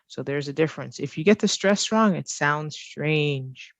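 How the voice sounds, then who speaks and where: Woman ESL teacher, unhurried and careful, repeats phrases, dry recording. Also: low-pitched, lively intonation, dry recording. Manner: repeats key phrases slowly for learners. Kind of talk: slow, careful teaching explanation.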